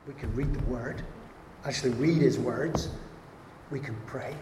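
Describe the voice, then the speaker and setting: A man preaching a sermon as pastor, animated and acting out quoted voices. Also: medium pitch, measured pace, background noise. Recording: echoey hall with faint ambience.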